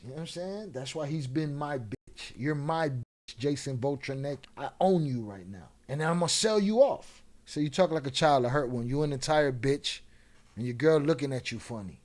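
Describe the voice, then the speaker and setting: A man's voice: fairly high pitch, darkish tone. A man hosting his own channel, delivering an angry, profane, taunting commentary rant at a rival. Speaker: channel host.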